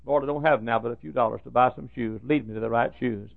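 A man preaching a sermon in a folksy, animated way, jumping from loud high outbursts to hushed asides. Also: fast, vocal fry. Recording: dull lo-fi recording.

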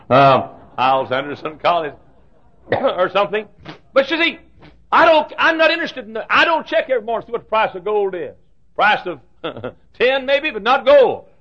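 A man in his fifties preaching a sermon in a folksy, joking way, repeating himself and bursting into shouts. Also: high-pitched. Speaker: pastor. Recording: dull lo-fi recording.

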